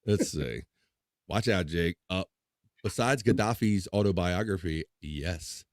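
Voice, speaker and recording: A chatty male livestream host reads out viewer comments on his live chat show, staying loose and upbeat with playful filler sounds. He has a deep, animated voice at a measured pace, with background noise present.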